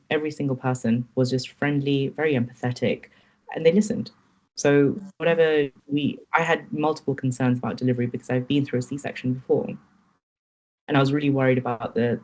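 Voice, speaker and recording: A woman speaks as a podcast guest, sharing her experience in an earnest, candid way. Her tone is reflective and sincere, and she pauses now and then to find her words. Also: a bass voice, dark tone, poor audio. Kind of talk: personal account in interview.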